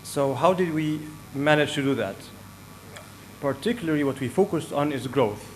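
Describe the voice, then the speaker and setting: Man giving a measured startup pitch. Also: lively intonation, a little hiss or hum, low-quality recording. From Egypt. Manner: measured, with frequent fillers. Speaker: startup co-founder. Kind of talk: conference talk. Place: conference hall.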